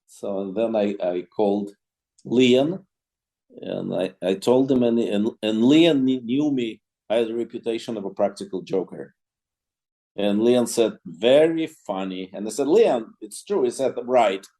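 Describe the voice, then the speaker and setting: Speaking fairly low and mellow at a normal speed, the clarinetist guest recounts an anecdote for an interviewer, frequently starting over and voicing what people said.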